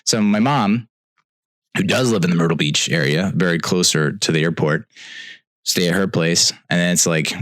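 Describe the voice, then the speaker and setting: A young man, telling a comedic story on a podcast with exasperated ranting that swings from loud outbursts to low mutters. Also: normal speed, no room sound. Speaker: podcast host.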